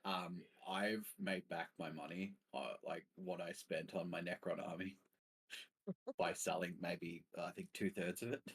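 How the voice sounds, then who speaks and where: A man's voice: sits low, fairly even intonation, unhurried, fairly bright tone, husky. A man playing in a tabletop game, chatting casually and rambling with fillers. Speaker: player. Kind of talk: casual chat.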